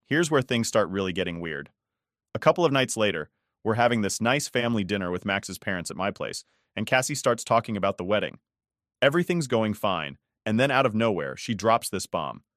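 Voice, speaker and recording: Male narrator, lowish voice, conversational and exasperated, scripted story read. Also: fairly bright tone, no room sound, clean studio sound.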